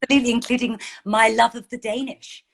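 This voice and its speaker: A middle-aged woman, an author guest, telling stories in an animated, chatty way on a video call. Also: fairly high pitch, fast, vocal fry. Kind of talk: casual online interview.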